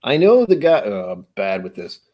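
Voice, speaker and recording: A man's voice: fairly low pitch, huge pitch swings, normal speed, a little mellow. An American man in his forties hosting a casual livestream chat, rambling and joking with frequent chuckles. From United States. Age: 40s. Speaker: livestream host.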